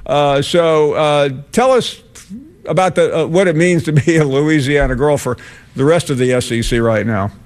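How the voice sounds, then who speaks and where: A man hosting a sports TV show, interviewing a guest in a chatty, halting way with many restarts. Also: fairly high pitch. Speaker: sports TV host. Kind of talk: casual on-air interview.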